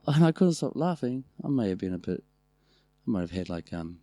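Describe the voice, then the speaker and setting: A man with a New Zealand accent, co-hosting a podcast and telling family stories in a loose, animated way, with a lot of swearing. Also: medium pitch, fairly quick, no room sound. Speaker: podcast co-host. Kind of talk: casual storytelling chat.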